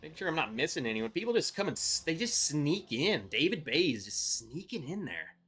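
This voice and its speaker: A man's voice: a little high, very animated, moderate pace, fairly bright tone, husky, faint music behind. A man hosting a casual live stream, chatty and upbeat, greeting viewers by name as he talks. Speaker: livestream host reviewing whiskey.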